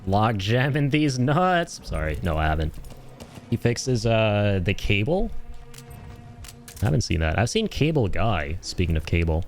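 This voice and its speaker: A man streaming a video game live, chatting with his viewers, swearing and yelling at the game as he plays. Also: low-pitched, normal speed, long pauses, faint music behind. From Canada. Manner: excitable, swears and yells at the game. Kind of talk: casual live-stream gaming chat.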